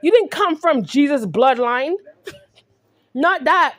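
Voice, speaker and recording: A California woman vlogger rants angrily at the camera in a high, lively voice at a moderate pace. She's confrontational and repetitive, tacking "right?" onto her lines again and again.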